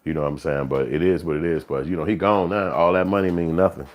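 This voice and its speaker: A man's voice: extremely low pitch, steady tone, fast talker. A man hosting a live stream, talking in a loose, profane, streetwise monologue. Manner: profane, streetwise, slips into acted quotes. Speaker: livestream show host. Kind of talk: casual rambling monologue.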